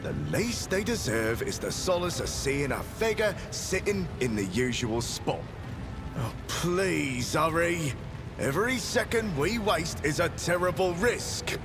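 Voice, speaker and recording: A man's voice: a little high, expressive, measured pace. An actor voicing a pale, white-haired old ship's helmsman, anxious and pious, with an overdone put-on British accent that stresses each word. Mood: urgent. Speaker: video game voice actor. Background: game music.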